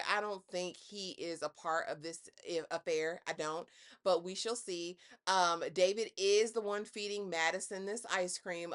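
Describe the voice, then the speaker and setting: A woman's voice: on the low side, fairly bright tone. A woman recapping a reality show in casual commentary, sassy and dramatic, roasting with pointed rhetorical jabs.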